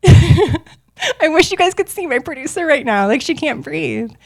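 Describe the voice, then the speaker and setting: A woman in her forties tells a personal story on her podcast in an animated, self-mocking way. Her voice sits a little high. She laughs often and jumps into bursts of excitement. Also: measured pace, creaky.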